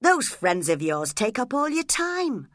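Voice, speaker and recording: A woman's voice: mid-range voice, sing-song, unhurried, no echo, studio quality. A woman voicing a brooding, jealous young working man who speaks bluntly. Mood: resentful.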